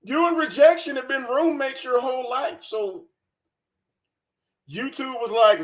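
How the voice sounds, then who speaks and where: A man's voice: extremely high pitch, lively intonation, moderate pace. A man hosting a reaction commentary, profane, scornful and sarcastic. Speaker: commentary channel host.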